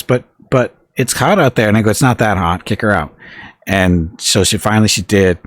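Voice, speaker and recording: A man's voice: sits low, no echo. A male streamer chatting casually, telling a home anecdote with restarts and chuckles. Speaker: game streamer. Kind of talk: casual chat.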